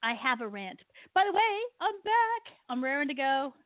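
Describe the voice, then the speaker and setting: A woman's voice: high-pitched, sing-song, normal speed, no echo. A woman hosting a talk radio show, ranting animatedly about her pet peeves and laughing often. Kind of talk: casual radio talk with a guest. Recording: tinny phone-line sound, dry.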